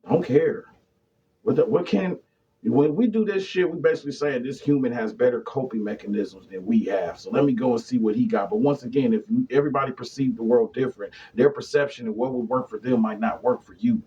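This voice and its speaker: A man giving a casual, profane monologue on esoteric topics, swinging between loud rants and muttered asides. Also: medium pitch, fairly quick, slight background noise. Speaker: esoteric lecturer. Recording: dull lo-fi sound.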